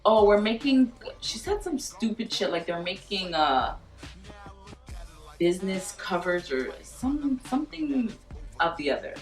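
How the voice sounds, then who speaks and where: A young woman tells a storytime vlog in an animated, profane way and acts out the lines people said. Her voice sits a little low and sounds far from the mic. The room is echoey, with faint music underneath. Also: measured pace. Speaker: vlogger.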